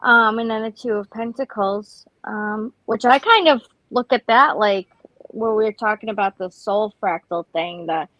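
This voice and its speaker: A woman's voice: medium pitch, moderate pace, no room sound, highs cut off. A woman taking part through her phone, reading tarot cards in a hesitant way with many fillers. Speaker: tarot reader guest. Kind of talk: casual chat.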